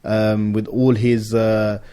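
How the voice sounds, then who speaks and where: A man co-hosting a casual current affairs radio talk show, halting and often repeating words as he thinks aloud. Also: on the low side, monotone, warm tone, clean tone. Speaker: radio co-host. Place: radio studio.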